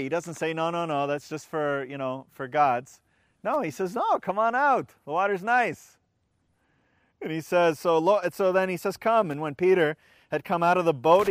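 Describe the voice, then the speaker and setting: Captured in studio quality with no room sound, this man's fairly high-pitched voice belongs to a pastor. He delivers a conversational sermon, reads from scripture, often starts his sentences over, and questions his congregation.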